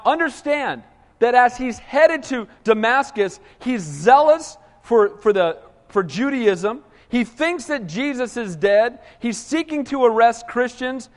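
A man with a high voice preaches with animated, call-and-response energy. His sermon rings out with a long hall reverb, as if in a church sanctuary. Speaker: pastor.

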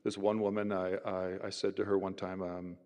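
Man, professor guest, anecdotal, lower pitch, echoing hall reverb. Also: normal speed, highs cut off. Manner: animated, voices others in his stories. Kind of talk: conversational storytelling. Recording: roomy with long reverb.

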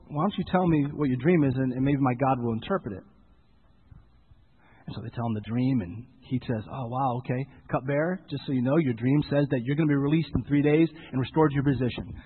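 A man preaching a sermon, retelling a Bible story with lively storytelling and acted-out lines for the characters. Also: medium pitch, fast talker, long reverb tail, slight background noise. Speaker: pastor. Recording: tinny phone-like sound.

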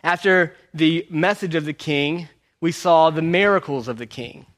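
A man's voice: a little high, a little slow. A man preaching a sermon in a conversational way, repeating his key phrases. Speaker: pastor. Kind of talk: sermon teaching through a book.

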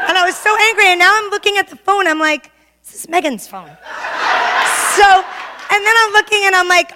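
A woman telling a funny personal story to a church audience, self-mocking and animated. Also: very high voice, a little fast, slight background noise. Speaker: testimony speaker. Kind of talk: storytelling testimony. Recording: long hall reverb.

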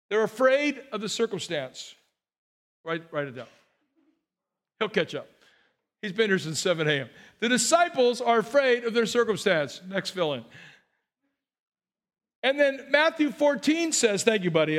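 High-voiced animated male preacher. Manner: animated, joking preacher with repeated restarts. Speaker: pastor. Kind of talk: sermon.

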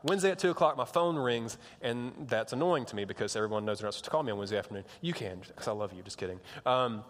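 Joking youth pastor in a hall. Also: male voice, medium pitch, very fast. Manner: rambling, joking storyteller with many restarts. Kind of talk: sermon to students. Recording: long hall reverb.

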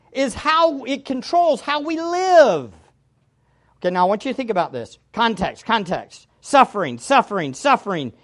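Slow, emphatic woman preaching a sermon. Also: high-pitched. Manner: emphatic, repeats key phrases for stress.

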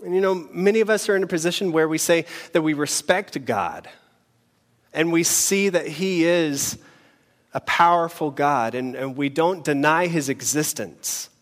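A man preaching a sermon in an earnest, measured way, pausing between phrases. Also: on the high side. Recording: long hall reverb.

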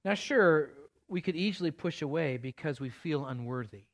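A pastor preaching a sermon in church, in a conversational way with playful asides. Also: male voice, a little high, lively intonation, moderate pace.

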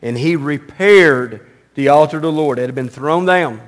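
A male pastor preaching a sermon, reading scripture and explaining it conversationally, swinging from loud and high to low and quiet. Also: normal speed. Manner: animated, rising loud and high when mocking, dropping low and quiet on solemn lines; reads scripture aloud, then explains it conversationally.

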